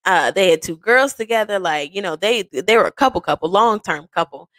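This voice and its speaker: Woman in her 30s spilling a story on her podcast, swears a lot, super animated, dry close mic. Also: mid-range voice, brisk, no echo. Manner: candid, profane, animated storyteller. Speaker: podcast host. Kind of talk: casual storytelling.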